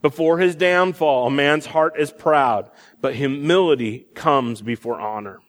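A young male pastor preaches a sermon in a relaxed, conversational way, with fillers and false starts. His voice sits a little high for a man. It carries a long reverb, as if the sermon is being given in a church hall. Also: measured pace.

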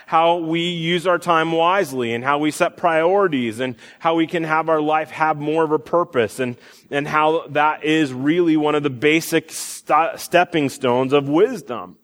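A man's voice: on the high side, measured pace, a bit bright. A young man in his twenties or thirties preaching a sermon, talking conversationally with fillers and restarts. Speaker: pastor. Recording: long hall reverb.

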